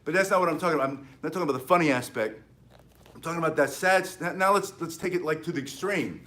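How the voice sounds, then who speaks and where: Man, martial arts instructor, emphatic lecture, fairly high voice. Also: fast talker, fairly bright tone. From United States. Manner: emphatic, preachy, acts out quoted voices. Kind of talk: unscripted talk to camera.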